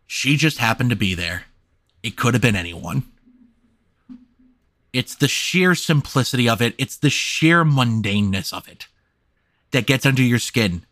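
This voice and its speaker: A man hosting a podcast, driving his points home with blunt, profane emphasis. His voice sits at an ordinary middle pitch, and the close mic gives it a dry, dead sound with no room around it. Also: lively intonation, measured pace, long pauses, fairly bright tone, no echo. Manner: emphatic, swears freely. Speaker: podcast host. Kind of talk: casual film discussion.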